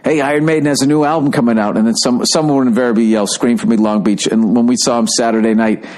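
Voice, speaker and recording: A middle-aged American man talking casually on his podcast, swearing freely and drifting from story to story. His voice sits at an ordinary mid pitch. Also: steady tone, fast, a little mellow. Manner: profane, rambling storytelling. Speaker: podcast host.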